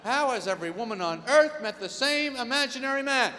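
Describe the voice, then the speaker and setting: A man performing a live stand-up routine in a large concert hall, with exasperated, incredulous observations and quick voice impressions. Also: very high-pitched, animated, background noise. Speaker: stand-up comedian. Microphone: soundboard feed from a stage mic. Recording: live hall board recording with faint reverb.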